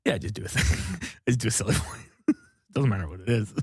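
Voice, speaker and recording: Lively-voiced man hosting a comedy podcast. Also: on the low side, a little fast, breathy edge, no room sound, clean studio sound. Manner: joking, laughs often. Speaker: podcast host. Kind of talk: casual comedy podcast chat.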